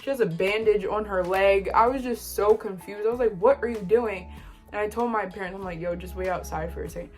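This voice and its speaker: A young woman vlogging, telling a casual story from college and quoting people in animated bursts. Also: mid-range voice, brisk, soft background music. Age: young adult.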